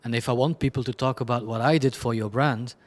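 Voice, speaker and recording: A man's voice: medium pitch, fairly even intonation, quick pace. A man, a creative director, answering interview questions in a candid, chaotic way, bluntly and with self-deprecating asides. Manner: chaotic, rambling, frequent restarts and laughs.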